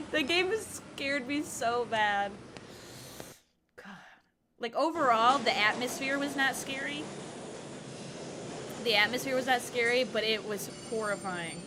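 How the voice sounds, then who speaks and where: A woman's voice: a little high, noisy background. A woman in her thirties streaming a game, chatting casually and rambling playfully. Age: 30s. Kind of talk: casual livestream chat.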